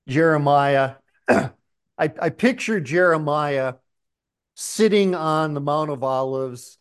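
A man preaching a sermon, slow and emphatic, often clearing his throat. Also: medium pitch.

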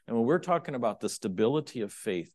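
A man's voice: mid-range voice, lively intonation, quick pace, darkish tone. A man preaching a sermon, conversational and confessional, with dynamic swings from emphatic peaks to near-whispers. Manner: conversational and confessional, acts out his own inner thoughts.

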